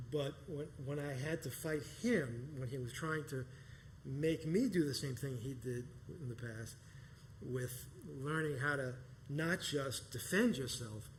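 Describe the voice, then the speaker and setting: A man telling a personal story live on stage, animated and profane, often breaking into laughter. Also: mid-range voice, slight background noise, rough recording. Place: performance space stage.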